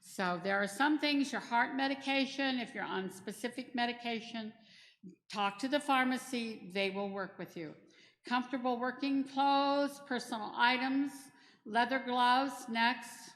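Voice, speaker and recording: A woman's voice: a little high, unhurried, fairly bright tone. A middle-aged woman giving a chatty, practical training talk in a church hall, mixing in personal stories. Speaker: disaster response trainer. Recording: echoey hall with long reverb.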